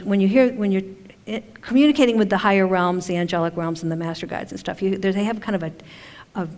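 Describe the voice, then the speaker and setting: An older woman talks casually to a live audience from a stage, with chatty, self-deprecating asides and frequent laughs. Her voice sits at an ordinary pitch for a woman. It rings out with the long reverb of a large hall. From Maine. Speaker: speaker at a spiritual event.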